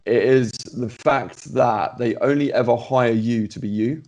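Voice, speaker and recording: Give me a man at a medium pitch, hosting a podcast and telling a story with lots of restarts. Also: measured pace. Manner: animated anecdote-telling, with many fillers and restarts. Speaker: podcast host. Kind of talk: casual storytelling chat.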